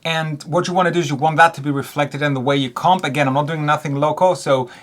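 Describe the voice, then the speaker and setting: A man teaching songwriting in a relaxed way, counting beats aloud and singing short examples. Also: on the high side, fast talker. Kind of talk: music lesson.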